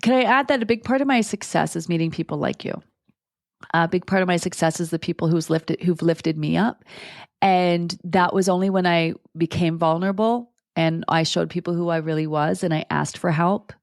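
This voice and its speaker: A woman in her forties talks as a podcast guest, blunt and salty, with a lowish voice. She tells personal stories in an animated way, often restarting her sentences. The sound is dry and close. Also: moderate pace, dry recording. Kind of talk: candid conversational storytelling.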